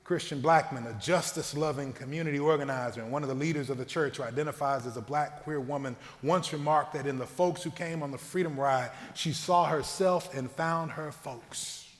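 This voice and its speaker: Southern clergyman reading his talk slow and earnest, kinda high voice, big echoey church. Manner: measured, earnest reading with emphatic phrasing. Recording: long reverb of a church hall.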